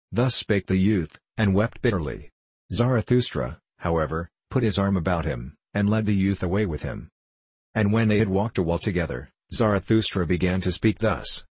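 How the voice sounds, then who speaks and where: Low husky man reading an old book. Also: no room sound, low-quality recording. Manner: measured, even, unhurried delivery. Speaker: narrator. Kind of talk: audiobook reading of an archaic text.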